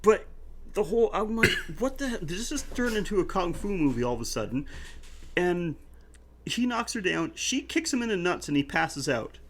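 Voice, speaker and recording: A lively podcast co-host talks through a horror movie in loose, casual chat. The pitch swings widely as they swear and laugh their way through the scenes, at a middling pitch. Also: normal speed, slight background noise. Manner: animated, swears freely, laughs often.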